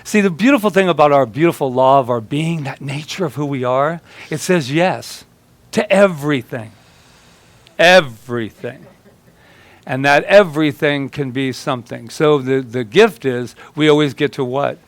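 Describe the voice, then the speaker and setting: A man's voice: a little high, moderate pace, no room sound. A male minister giving a chatty sermon, telling stories and acting out quoted voices with humor. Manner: storytelling, acts out quoted voices; chatty, laughs with congregation.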